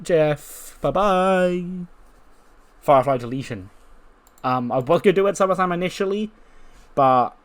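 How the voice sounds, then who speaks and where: A man hosting a gaming video, recapping events in an animated, casual way with lots of fillers. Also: medium pitch. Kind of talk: casual game commentary.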